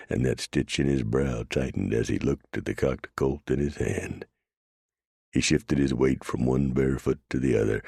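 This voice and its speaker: Narrating a western audiobook, a man reads a script with steady, measured delivery in an extremely deep, gravelly voice. The sound is husky, dry, and close, with no room sound.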